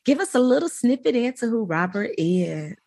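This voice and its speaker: A woman hosting a podcast interview, energetic and playful, speaking straight to her listeners. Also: fairly high pitch, normal speed, dry recording. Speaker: podcast host.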